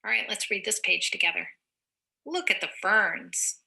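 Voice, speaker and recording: Teacher lady reading a kids book out loud, slow and encouraging, super bright voice with some vocal fry. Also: medium pitch, animated. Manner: slow, encouraging, explains words simply. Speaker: teacher reading aloud to children. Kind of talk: read-aloud lesson for young children.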